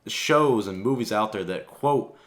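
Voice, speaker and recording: Rambling, cursing man with a low voice. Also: animated, measured pace, a bit bright. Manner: rambling, profane, offhand. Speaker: channel host. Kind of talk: casual vlog rant.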